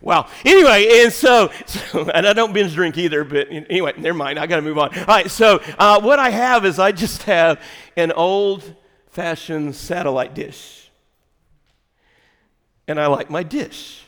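High-voiced preaching man in a reverberant hall. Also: expressive, a little slow. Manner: storytelling, rambling asides, rising to shouted preaching. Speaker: pastor. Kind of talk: sermon. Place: church sanctuary. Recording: long reverb of a large hall.

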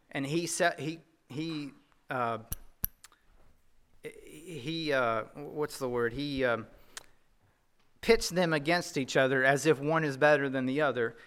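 Bright, high-voiced Southern preacher man. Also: clean tone. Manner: conversational, lively preaching with rhetorical questions. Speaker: pastor. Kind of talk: sermon.

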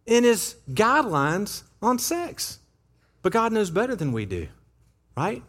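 A man preaching a sermon as pastor in a church, conversational and animated, acting out little quotes as he goes. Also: high voice. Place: church sanctuary.

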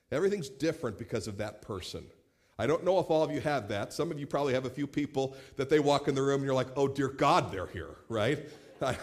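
This is a man in his late thirties preaching as a pastor with a fairly high-pitched voice. He is animated, performs quoted voices, and tends to repeat words when starting a phrase.

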